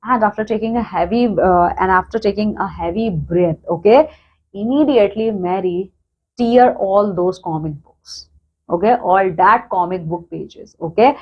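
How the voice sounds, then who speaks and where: A woman's voice: medium pitch, normal speed, husky, dull audio. A woman teacher explaining a play, restarting often, checking in with "okay?" and paraphrasing each line. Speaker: English teacher.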